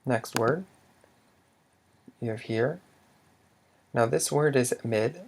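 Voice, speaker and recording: A man teaching tone rules step by step, with a methodical manner, saying each example word louder than the rest. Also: medium pitch, creaky, slight background noise. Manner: slow and methodical, says Lao example words louder. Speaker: language teacher. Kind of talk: screen-recorded tutorial explanation.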